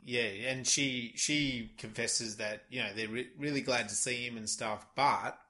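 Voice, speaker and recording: A man's voice: medium pitch, steady tone, a little slow, bright, forceful tone. A man chatting casually as a podcast co-host, chiming in and finishing his partner's sentences about a film. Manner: chimes in, finishes his co-host's sentences, laughs along. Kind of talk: casual film recap chat.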